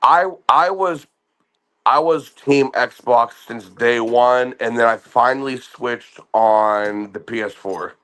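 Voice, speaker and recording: A man's voice: medium pitch, slow, fairly bright tone. A man in his thirties telling a profane story, boastful and laughing, tripping over restarts. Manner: boastful, laughing, swears a lot, stammers on restarts.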